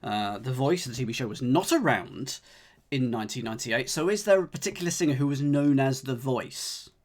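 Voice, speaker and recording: A man's voice: mid-range voice, lively intonation, a little fast. A man solving a cryptic crossword on a live stream, chatting and joking with his viewers as he thinks aloud. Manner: chatty, jokey, thinks aloud, talks to chat. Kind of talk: casual live-stream chat.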